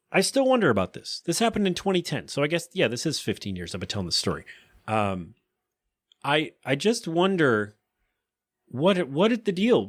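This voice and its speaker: A man's voice: on the high side, a bit bright. A man in his thirties, a podcast host, telling a casual story in a rambling way, correcting himself and wondering aloud.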